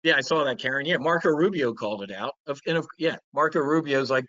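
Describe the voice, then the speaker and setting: A man's voice: mid-range voice, fast talker, few pauses, a bit bright, no echo, muffled recording. A man hosting a trading show, delivering blunt, profane market commentary with mocking impressions.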